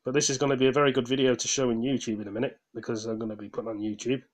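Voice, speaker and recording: A man's voice: mid-range voice, level tone, racing. A tired man, ranting heatedly in a casual vlog, swearing, rambling with restarts and apologizing as he goes. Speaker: gaming vlogger.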